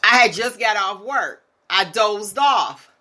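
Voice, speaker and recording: Bright, animated woman telling a story. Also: medium pitch, slow pace. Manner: animated storyteller, laughs often. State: tired. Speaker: talk show host. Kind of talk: casual chat.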